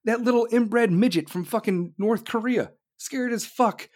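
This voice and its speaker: A man's voice: very high-pitched, a little slow, darkish tone. A man from the United States delivering an angry, profane political rant, swearing constantly and throwing in sarcastic mocking asides.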